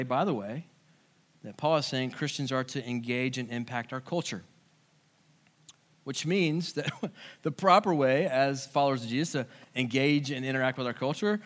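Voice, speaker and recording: A man preaching a sermon in church, talking conversationally and swinging between soft, low passages and emphatic, louder ones. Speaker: pastor.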